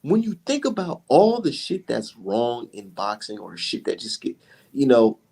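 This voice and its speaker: Gravelly, animated man in heated chat. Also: mid-range voice, unhurried. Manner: heated, profane, rambling. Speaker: podcast co-host. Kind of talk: casual boxing chat.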